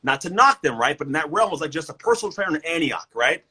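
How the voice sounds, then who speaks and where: Brief: male motivational coach, talks quickly and energetically with a bright, slightly husky voice. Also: a little high, poor audio. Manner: energetic, emphatic, repeats words. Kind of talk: casual motivational talk. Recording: livestream guest.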